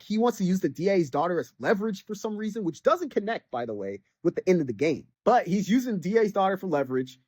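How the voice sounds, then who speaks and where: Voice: medium pitch, a little mellow, dry recording. A podcast host giving a casual, rambling critique of a game, full of restarts and constant "like" fillers. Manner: rambling, heavy use of "like", frequent restarts. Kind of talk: casual game review rant.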